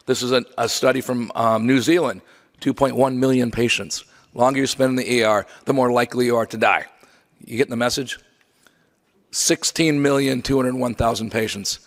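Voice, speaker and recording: A man giving a memorial lecture from slides, conversational with wry asides. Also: mid-range voice. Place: lecture hall. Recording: long hall reverb.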